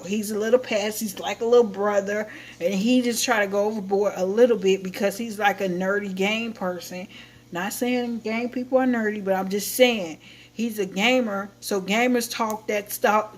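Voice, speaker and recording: A woman hosting her own livestream, chatting casually and telling a rambling, animated story to her viewers. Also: medium pitch. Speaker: livestream host.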